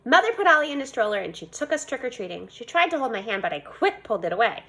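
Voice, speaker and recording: Woman, storybook reader, animated, high voice, bright tone. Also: fast talker. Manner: animated, voicing a young girl narrator. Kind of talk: storybook read-aloud.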